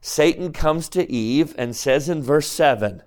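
A man's voice: fairly high pitch, measured pace, a little mellow. Man teaching a scripture class. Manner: questions the class directly. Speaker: religious teacher.

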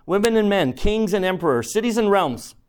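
A man preaching and voicing a stern, calm male lion who speaks gravely and plainly during a story reading. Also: high-pitched, pitched above the performer's own voice. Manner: grave, unhurried, matter-of-fact.

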